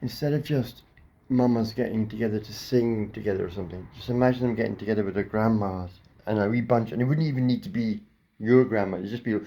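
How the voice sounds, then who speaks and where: A man's voice: fairly low pitch, fast, mellow. A man rambling through silly improvised wordplay at home as a comedian, his mouth a bit dry. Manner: playful, silly wordplay, slips into daft voices.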